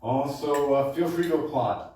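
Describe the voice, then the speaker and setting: A man's voice: fairly high pitch, normal speed, warm tone, slight background noise. Chatty man onstage in an echoey room. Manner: chatty, keeps checking in with "okay?". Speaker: baritone singer introducing his show. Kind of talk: stage introduction to a live audience. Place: supper club performance room. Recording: echoey room, distant mic.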